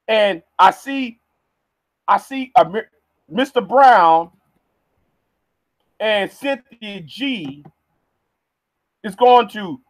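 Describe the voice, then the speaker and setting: A man's voice: sits high, animated, very slow, pauses often, dry recording. A man ranting on a livestream, heated and stammering, repeating words as he goes. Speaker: vlogger.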